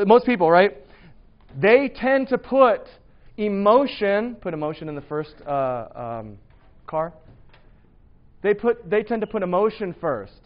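A man's voice: sits high, dull audio. Casual self-mocking man preaching. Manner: casual, self-deprecating, conversational. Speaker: pastor. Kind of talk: sermon. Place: church hall.

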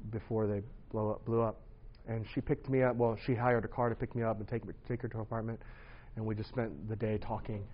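A man in his thirties shares his personal testimony in an earnest, conversational way. His voice sits at an ordinary middle pitch, and the recording sounds somewhat dull and lo-fi.

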